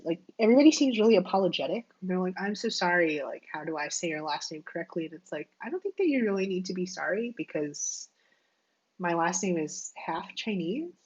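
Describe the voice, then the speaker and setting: A woman's voice: on the low side, darkish tone, slightly rough, lo-fi sound. A woman hosting a casual livestream, thinking aloud and chatting with lots of filler words. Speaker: livestream host. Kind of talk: casual livestream chat while coding. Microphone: wireless earbuds.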